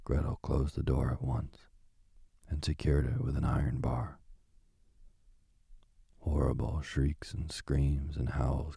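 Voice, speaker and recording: Very deep gravelly male storyteller. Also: dark tone, dry recording, clean studio sound. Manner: slow and soothing. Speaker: bedtime story reader. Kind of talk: calm sleep-story narration.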